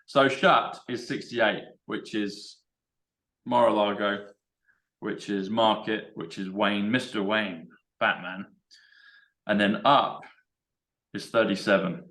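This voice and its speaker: An English man hosting a casual chat, excitable and rambling as he works through number codes aloud. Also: on the low side, takes it slowly, pauses often, reverberant. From England. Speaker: show host.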